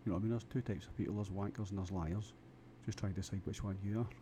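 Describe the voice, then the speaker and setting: A man's voice: lowish voice, fairly even intonation, rapid-fire, noisy background. A Scottish man delivering a rambling comic monologue to camera, crude and full of stammered restarts. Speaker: vlogger.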